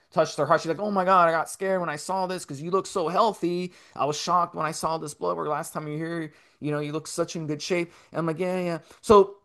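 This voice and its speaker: A man's voice: fairly high pitch, bright, forceful tone. A man in his forties telling a rambling, profane story in casual podcast chat. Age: 40s. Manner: profane, rambling, repeats himself. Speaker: podcast co-host.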